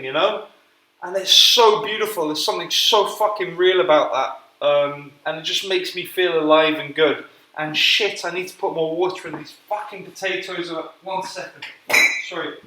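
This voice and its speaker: A man's voice: high-pitched, pushed and bright, roomy sound, poor audio. Rambling, sweary man in a kitchen. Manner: rambling, sweary, self-deprecating. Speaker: podcast host. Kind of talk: casual solo monologue. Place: home kitchen, cooking.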